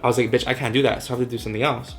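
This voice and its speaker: A man's voice: medium pitch, flat delivery, racing, vocal fry, faint music behind. A man in his twenties from Southern California, telling a casual storytime vlog. He swears constantly, leans on "like," drops in Spanish words and acts out his own reactions. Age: 20s. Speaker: vlogger.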